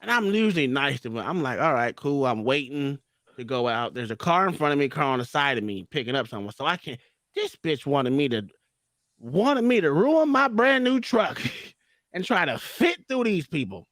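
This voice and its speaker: A man's voice: a little high, sing-song, moderate pace, a bit bright, no room sound, studio quality. A man on a podcast, casually telling a story in a profane way and acting out heated quotes. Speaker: podcast co-host.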